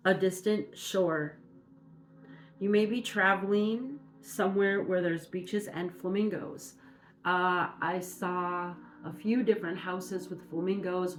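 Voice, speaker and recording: A woman from Minnesota giving a casual spiritual message, talking in a meandering, halting way with many fillers. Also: medium pitch. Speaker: spiritual reader.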